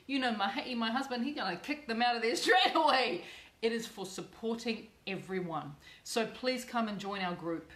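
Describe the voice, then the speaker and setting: A woman's voice: fairly high pitch, a bit bright, reverberant. A middle-aged woman hosting a live cooking channel video, effusive and emotional, repeating words for emphasis.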